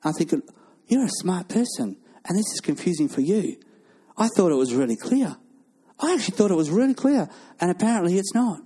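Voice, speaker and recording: A male pastor preaching a sermon, animated and acting out the voices of people in his stories. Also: sits high, a little fast, slightly rough.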